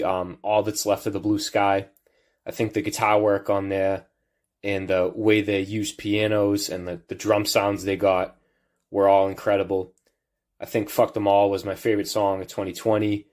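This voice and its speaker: A man with a strong Boston accent, a musician recording a casual shout-out message for a podcast. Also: lowish voice.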